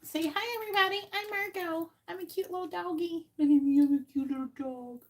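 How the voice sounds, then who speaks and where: A woman voicing a cute little female Pomeranian puppy in a squeaky, high baby voice. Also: brisk. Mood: cutesy.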